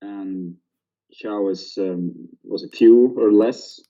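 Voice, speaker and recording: A man's voice: lowish voice, steady tone, takes it slowly, mellow, soft background music. A man learning Chinese, answering his tutor hesitantly over a video call. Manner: hesitant, unsure answers with fillers. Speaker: language student. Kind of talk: one-on-one language lesson. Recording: dull lo-fi call audio.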